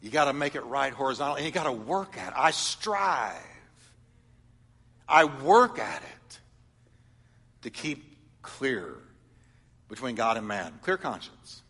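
A middle-aged man preaching a sermon, telling stories and swinging from loud emphatic lines to soft confiding ones. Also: medium pitch, sing-song, measured pace, long pauses, breathy edge, in a large hall. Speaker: pastor.

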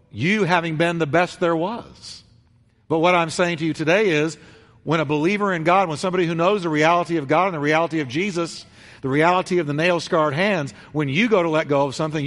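A man preaching a sermon, telling a story with animated voices and swinging between loud bursts and hushed, quiet lines. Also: on the high side. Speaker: pastor. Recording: long hall reverb.

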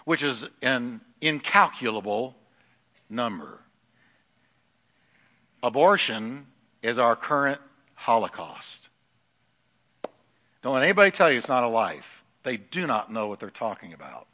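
A middle-aged man preaching a sermon in a church, swinging from loud declarations to hushed lines. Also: medium pitch, big pitch swings, measured pace, pauses often. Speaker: pastor. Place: church sanctuary. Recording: long hall reverb.

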